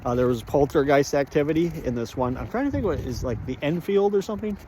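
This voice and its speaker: A man's voice: a little high, expressive, quick pace, warm tone, a little hiss or hum. A man vlogging on a walk outdoors, rambling and joking with lots of fillers. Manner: chatty, jokey, rambling with many fillers. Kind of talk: rambling walk-and-talk monologue. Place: outdoors on a walk, rural area.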